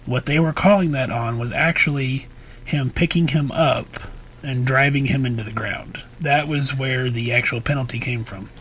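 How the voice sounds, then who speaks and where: A man co-hosting a podcast, explaining things in a measured way and raising pointed questions. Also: mid-range voice, a bit bright, a little hiss or hum, rough recording. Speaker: podcast co-host. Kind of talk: casual podcast chat.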